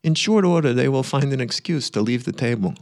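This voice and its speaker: A man voicing a blunt, controlling older uncle, reading out a letter of commands in a brash, loud voice. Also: mid-range voice, lively intonation, a little fast, close to an everyday voice. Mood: bossy.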